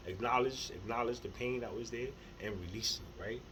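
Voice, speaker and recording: A man's voice: medium pitch, brisk, hardly any pauses. Middle-aged man, casual spiritual talk to camera, slangy and profane, stumbling repeats, faint background hiss. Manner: rambling, repeats words, heavy slang and swearing; earnest, laughs softly between thoughts. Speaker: spiritual vlogger.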